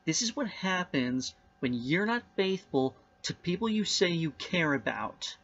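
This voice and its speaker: A man doing a hurt, jealous director who accuses in overblown melodrama. The delivery is slow, with a lively, swooping pitch. The sound is dull and lo-fi. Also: exaggerated voice. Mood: accusing. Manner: melodramatic, accusing, rising to shouts. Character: jealous male film director, accusing and dramatic.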